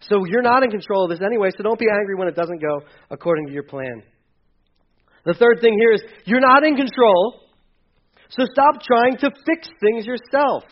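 Middle-aged male pastor, high voice, humorous conversational sermon, muffled lo-fi sound. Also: moderate pace. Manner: animated, conversational preaching with humor.

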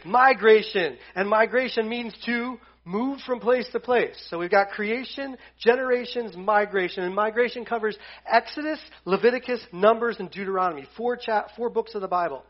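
A man's voice: high-pitched, moderate pace. A man teaching a casual Bible lesson to a group. He jokes as he goes and retells scripture in slang. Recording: dull lo-fi sound.

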